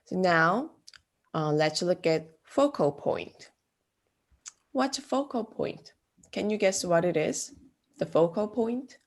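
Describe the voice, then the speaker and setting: A woman giving a classroom art lecture, speaking haltingly with many fillers. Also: fairly low pitch, expressive. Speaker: art instructor.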